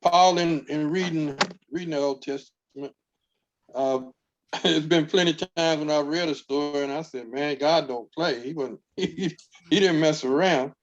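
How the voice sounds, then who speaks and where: A man in a church Bible study who talks in a casual, folksy way, with halting phrases and laughs between them. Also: fairly high pitch, muffled recording.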